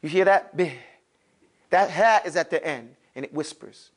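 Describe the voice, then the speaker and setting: This is a classroom lesson where a man, his voice on the high side and at normal speed, teaches Arabic letters. Lively throughout, he quizzes students, calls on them, answers himself at times, and adds casual slang.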